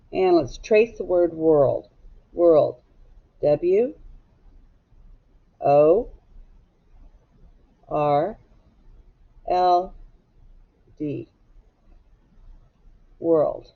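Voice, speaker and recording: A woman teacher giving a recorded phonics lesson to young children, spelling words out letter by letter and sounding them out deliberately. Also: low voice. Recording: dull lo-fi recording.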